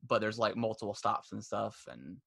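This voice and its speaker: A man's voice: fairly low pitch, lively intonation, moderate pace, creaky, fairly bright tone, breathy edge. A man co-hosting a casual gaming podcast, rambling with many restarts and fillers, and laughing as he retells stories. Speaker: podcast co-host. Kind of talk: casual chat.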